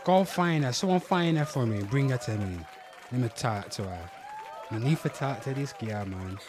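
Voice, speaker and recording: A man hosting a livestream, reacting to clips in an animated, mock-dramatic way and calling out to viewers. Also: medium pitch, normal speed, crowd noise, noisy background. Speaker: livestream host. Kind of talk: live reaction commentary.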